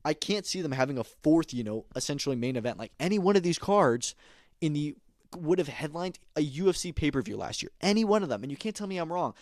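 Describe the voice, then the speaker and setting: A man talks fast and emphatically as a podcast host, sharing blunt opinions on fights in a casual way. His voice sits at a middle pitch and sounds dry and close, with no room echo. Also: darkish tone. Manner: opinionated, emphatic, many fillers. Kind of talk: casual combat sports commentary.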